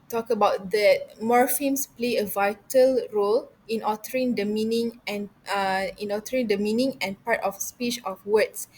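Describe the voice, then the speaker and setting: A woman's voice: a little high, slight background noise, rough recording. A young woman giving a university class presentation, reading through her points with frequent hesitations and restarts.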